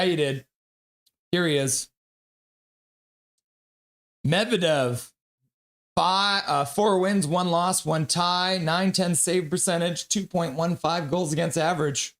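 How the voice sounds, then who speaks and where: Man, from Canada, tired, fast running hockey commentary, slightly high voice, reads chat aloud. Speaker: streamer doing play-by-play. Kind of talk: live hockey play-by-play and chat reading.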